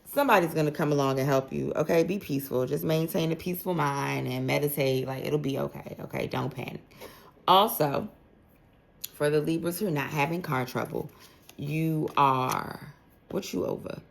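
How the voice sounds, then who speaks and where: A woman with a low, gravelly voice gives a relaxed tarot reading for the zodiac signs. She talks straight to each sign in a chatty, slangy way, packing her sentences with "like." The feel is loose and conversational, not scripted. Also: moderate pace. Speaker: tarot reader.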